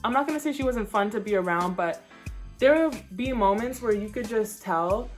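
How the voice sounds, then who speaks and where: A woman's voice: mid-range voice, normal speed, faint music behind. Blunt slangy young woman vlogger. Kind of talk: casual storytime vlog.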